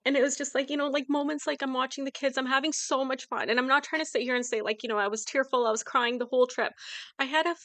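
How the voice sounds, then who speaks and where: A woman's voice: sits high, steady tone, quick pace, sharp tone, dry recording. Emotional woman speaking with raw candor. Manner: candid, tearful, speaks of grief with nervous laughs. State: emotional, close to tears. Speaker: podcast co-host. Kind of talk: emotional casual podcast chat.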